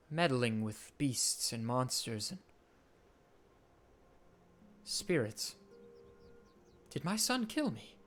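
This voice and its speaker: Man doing a quiet, aloof ghost king, dazed and soft, mid pitch. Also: slight background noise. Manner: aloof, confused, soft-spoken.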